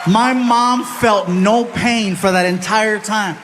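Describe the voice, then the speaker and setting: Animated high-voiced stand-up comedian. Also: male voice, slow, slight background noise. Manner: animated, chatty, ribs the audience. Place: live comedy stage.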